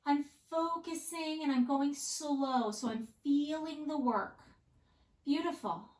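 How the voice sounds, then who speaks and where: A woman Pilates instructor guiding a follow-along workout with calm, encouraging cues, often checking in with "right?". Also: sits high, slow. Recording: echoey room.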